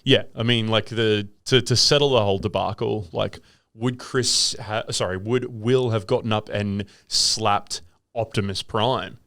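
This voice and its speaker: A man's voice: on the low side, fairly even intonation, a little slow, a bit bright, no room sound, studio quality. A man co-hosting a podcast in casual, rambling chat, riffing and throwing in impressions. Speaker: podcast co-host.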